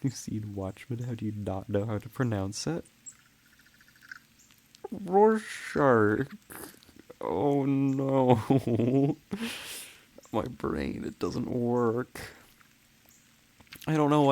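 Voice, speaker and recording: A man with a mid-range, dark-toned voice speaks at a slow pace during a casual game livestream. He rambles with viewers while playing and keeps breaking into giggles.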